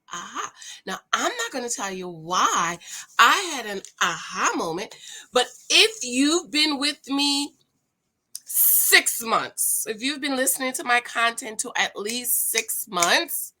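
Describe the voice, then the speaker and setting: A woman chatting casually to her viewers in a morning vlog from home, animated, with playful asides. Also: sits high. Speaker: vlogger and author.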